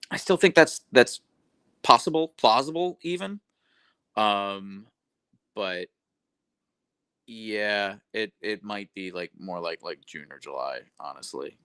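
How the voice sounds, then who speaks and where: A man's voice: low-pitched, bright, forceful tone, smooth, dry recording. A young adult man hosting a casual livestream, rambling and correcting himself as he reads chat messages aloud. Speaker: livestream host. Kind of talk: casual live-stream chat.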